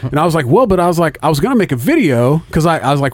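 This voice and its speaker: Fast-talking profane storyteller man. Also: on the high side, very animated, darkish tone, no room sound. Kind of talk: casual storytelling chat.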